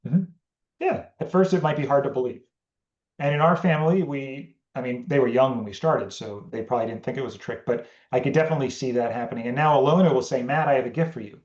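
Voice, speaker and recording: Animated man in a roomy room. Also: mid-range voice, fast talker, lo-fi sound. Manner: animated, acts out family conversations. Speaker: podcast host. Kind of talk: casual teaching talk.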